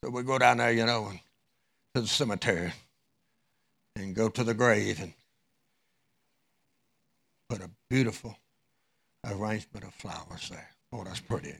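A man preaching a sermon through a dramatic story, with his voice rising loud and dropping low. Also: moderate pace, gravelly, pauses often, husky. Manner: dramatic, wide swings in loudness.

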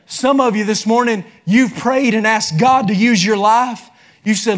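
A man preaching a sermon, building into fervent shouts. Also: high voice, unhurried. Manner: impassioned, rising into shouts.

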